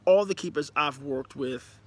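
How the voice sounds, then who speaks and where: Man, casual football rant, emphatic, slightly high voice, lots of restarts. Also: measured pace. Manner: animated, emphatic, rambling with restarts. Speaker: football commentator; player and manager. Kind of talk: casual match review.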